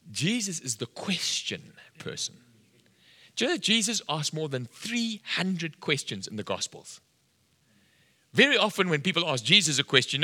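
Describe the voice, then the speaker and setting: A man's voice: on the high side, bright, forceful tone. A middle-aged man preaching a sermon, telling a story and acting out the dialogue with animation. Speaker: pastor. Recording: long hall reverb.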